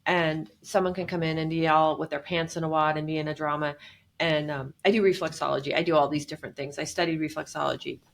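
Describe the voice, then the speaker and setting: A woman speaking as a guest on a podcast, talking earnestly and warmly in a casual way, often acting out what people say. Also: low voice, fairly even intonation, fast, creaky. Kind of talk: casual conversational interview.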